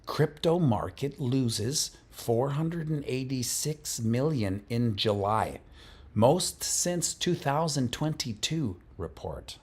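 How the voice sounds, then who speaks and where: A man doing an impression of a hyped male crypto news presenter, reading headlines in a loud, drawn-out announcer way. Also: medium pitch, lively intonation, breathy edge, pitched above the performer's own voice.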